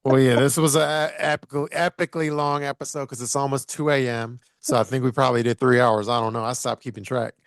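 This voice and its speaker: An easygoing man hosting a podcast, talking loosely with plenty of fillers and murmurs of agreement. His voice is mid-pitched and recorded dry and close. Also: little pitch movement, quick pace, hardly any pauses, dry recording. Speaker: podcast host. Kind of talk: casual chat.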